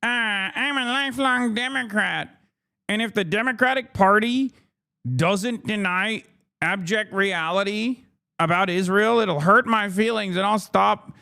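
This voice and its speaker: A man doing a mocking whiny voice of a self-pitying adult man, pitched up high. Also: measured pace, gravelly, bright, forceful tone, smooth, heavily acted.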